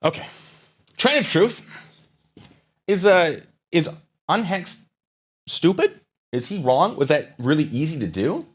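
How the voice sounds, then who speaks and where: A man's voice: on the high side, big pitch swings, slow pace, pauses often, slightly rough. A man hosting a live stream, commenting casually and sarcastically while reading chat messages aloud.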